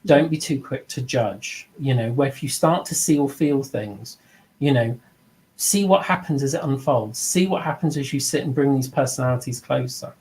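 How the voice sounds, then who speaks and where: In this poorly recorded clip, a middle-aged mediumship teacher talks through an informal lesson at a moderate pace. His mid-range voice has a darkish tone, his manner is earnest and reflective, and he briefly imitates others when quoting them.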